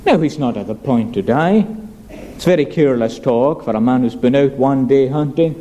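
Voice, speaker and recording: A man's voice: mid-range voice, expressive, normal speed, mellow, rough recording. A male preacher giving a sermon, emphatic, asking rhetorical questions and repeating key phrases.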